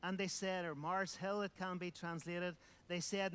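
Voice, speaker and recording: High-voiced man preaching emphatically. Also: flat delivery, moderate pace, few pauses, a bit bright, clean tone. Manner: emphatic, repeats phrases, rhetorical questions. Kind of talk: sermon.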